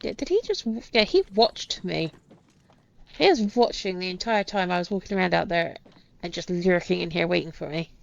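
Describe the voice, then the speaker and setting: Gravelly-voiced woman chatting over gameplay. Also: on the low side, lively intonation, moderate pace, dull audio. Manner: chatty, hedging, amused asides. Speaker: gaming video host. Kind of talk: casual gameplay commentary.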